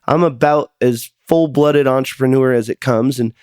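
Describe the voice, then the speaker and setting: A man's voice: mid-range voice, moderate pace, a little mellow, clean tone, no echo, clean studio sound. A man hosting a podcast, telling a personal story in an earnest, confessional way and sometimes repeating words as he goes. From United States. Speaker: podcast host.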